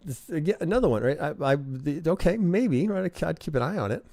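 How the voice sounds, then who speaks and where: Man, trading instructor, live chart review, gravelly, mellow tone, chatty, keeps asking right. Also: on the high side, lively intonation, fairly quick. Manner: conversational, keeps asking "right?", thinks aloud.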